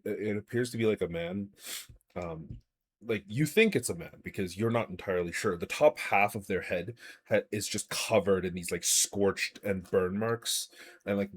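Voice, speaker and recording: A man narrating a live tabletop game as game master, in a loose, hesitant way with many fillers. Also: low voice. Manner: loose, hesitant narration full of likes and uhs.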